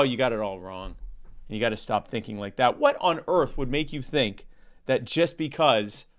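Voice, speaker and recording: A man's voice: fairly high pitch, fairly bright tone. A man co-hosting a podcast, telling a long stammering joke and reading an ad in a rambling comic way. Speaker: podcast co-host. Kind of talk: comedic bit and ad read.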